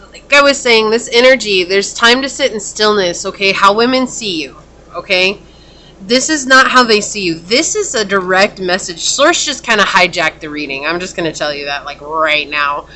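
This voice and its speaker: A woman's voice: mid-range voice, normal speed, bright, forceful tone, a little hiss or hum. A woman giving a casual pick-a-card tarot reading, talking earnestly and in a rambling way, with lots of "like" and "okay?". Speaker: tarot reader.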